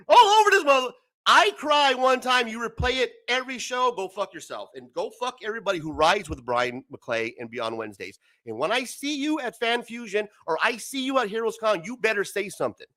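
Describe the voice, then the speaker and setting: Male host, high bright voice, swings up and down a lot, profane heated rant. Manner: profane, heated, laughs often. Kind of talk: ranting live-stream talk.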